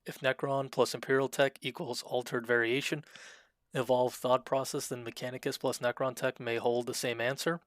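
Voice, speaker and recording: A man casually commenting while streaming a video game, talking in a fairly monotone way and reading the game's options aloud. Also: medium pitch, moderate pace, no echo. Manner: self-described monotone, dry delivery.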